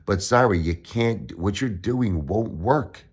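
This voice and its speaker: A man's voice: on the low side, animated, slow pace, husky. An older man from Brooklyn, talking straight to camera in an aggrieved, pleading monologue that repeats its points. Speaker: YouTuber.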